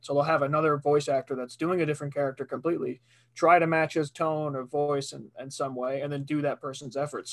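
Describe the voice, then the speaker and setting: A man, a voice actor, chatting casually on a podcast and swearing freely. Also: on the high side. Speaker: voice actor guest.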